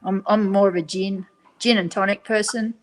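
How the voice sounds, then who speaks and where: A woman from Australia in a casual chat, relaxed and hesitant, with many fillers. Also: medium pitch, moderate pace, low-quality recording.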